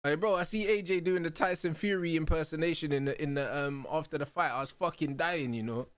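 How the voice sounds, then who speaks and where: A young man hosting a live football watch-along, talking excitedly in heavy slang and laughing loudly. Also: a little high, fairly quick, smooth, no room sound. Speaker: host.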